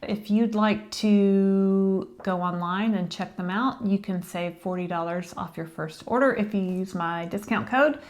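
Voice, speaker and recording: A woman's voice: lowish voice, a little mellow. A woman co-hosting a casual chat show, talking in a rambling, chatty way and dropping to a whisper for asides. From Tennessee. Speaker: co-host.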